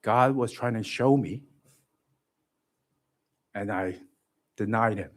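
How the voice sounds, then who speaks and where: A man giving a personal testimony at a church livestream, telling his story in an animated way and joking about himself. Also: lowish voice, takes it slowly. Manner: animated storytelling, self-joking, laughs often. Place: church gathering.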